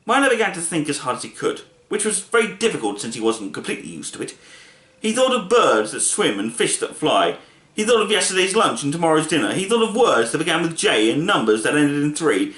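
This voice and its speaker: A man reading a children's book aloud in a playful, expressive way. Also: a little high, a little fast. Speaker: storybook reader. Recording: echoey room.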